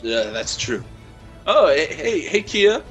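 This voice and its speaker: A laid-back man playing his character at a tabletop game, loose and joking in tone. His middle-pitched voice swings through wide, animated rises and falls, with faint music behind him. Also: slow, lo-fi sound. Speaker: player.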